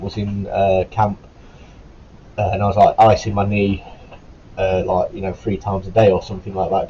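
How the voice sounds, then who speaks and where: Low, mellow-voiced man with a sore throat. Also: muffled recording, a little hiss or hum. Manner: rambling, self-correcting, informal and sweary. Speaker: former Royal Marine recruit. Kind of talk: casual storytelling to camera.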